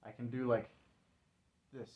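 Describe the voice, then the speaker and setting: A man's voice: medium pitch, little pitch movement, measured pace, husky, phone-quality sound. A man vlogging alone in a wry, rambling monologue full of fillers. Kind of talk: casual solo monologue.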